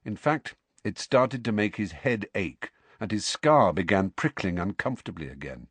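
A man reads a story aloud with a lively, expressive rise and fall, steady and measured. The sound is dry and close, with no room around it. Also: lowish voice, breathy edge, dry recording. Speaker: audiobook narrator. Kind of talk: storybook narration.

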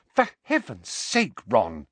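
A man puts on a bossy teenage schoolgirl for an audiobook, her voice pitched high and cutting. She sounds sharp and indignant at every turn. The read is close and dry. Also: very animated, normal speed, breathy edge, no room sound.

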